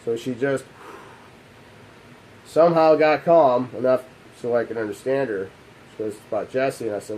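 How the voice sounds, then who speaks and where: Emotional man with a dark, mellow voice. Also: a little hiss or hum, rough recording. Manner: halting, restarting, voice dropping low and quiet. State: emotional, holding back tears. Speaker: gaming channel host. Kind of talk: emotional personal storytelling.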